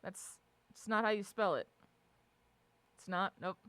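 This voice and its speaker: A woman's voice: medium pitch, measured pace, a bit bright, smooth, no echo. A woman livestreamer chatting casually with her viewers, ranting with lots of swearing and frequent laughter. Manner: profane, ranting, laughs often. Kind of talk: casual live-stream chat.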